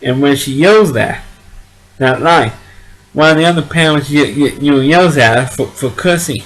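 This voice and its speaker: A man's voice: a little high, moderate pace, a bit bright, rough recording. A man giving a casual spoken movie review, rambling along and often repeating and restarting his words.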